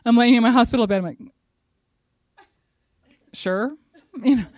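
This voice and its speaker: A middle-aged woman giving a religious devotional talk, telling a personal story in a lively way and speaking straight to her listeners. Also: fairly high pitch, racing, dry recording. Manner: animated storyteller who acts out quotes and speaks directly to her listeners.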